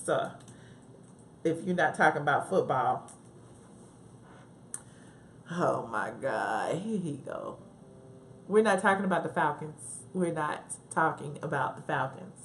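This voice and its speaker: A woman with a Southern US accent and a fairly low voice hosts a relaxed live stream from her home office, with a slight hiss or hum audible. She chats, laughs a lot, and responds to her live chat.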